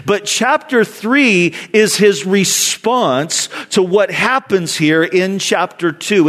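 A man preaching a sermon as pastor, emphatic, repeating phrases and lifting his voice sharply when voicing cries to God. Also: sits high.

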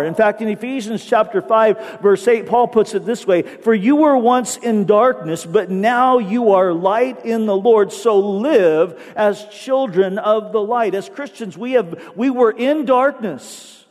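A male pastor preaches to his congregation. His voice sits high for a man, and he drags out key phrases for emphasis. The sound rings with a long reverb, as in a large sanctuary. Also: measured pace, hardly any pauses, darkish tone. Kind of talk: sermon. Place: church sanctuary.

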